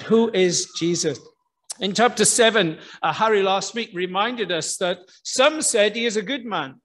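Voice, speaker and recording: A man preaching a sermon in a church, earnest, slowing down for emphasis, with frequent restarts. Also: fairly high pitch, fairly bright tone. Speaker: pastor.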